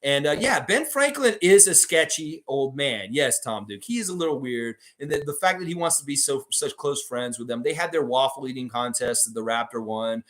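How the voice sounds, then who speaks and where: A man's voice: mid-range voice, animated, moderate pace, few pauses, fairly bright tone. A man hosting a casual basketball preview show, rambling and swearing with lots of fillers. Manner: rambling, profane, filler-heavy. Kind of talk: casual sports preview commentary.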